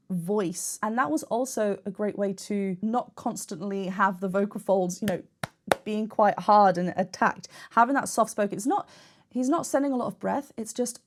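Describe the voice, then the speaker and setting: A young woman, a vocal coach, chatting enthusiastically while she reacts to and analyses a singer's technique. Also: medium pitch.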